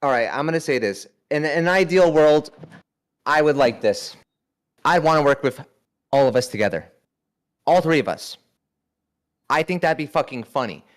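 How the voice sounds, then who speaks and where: High-voiced man, blunt and swearing. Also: lively intonation, normal speed, pauses often. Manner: heavy swearing, blunt and apologetic. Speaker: co-host. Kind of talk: casual talk-show chat.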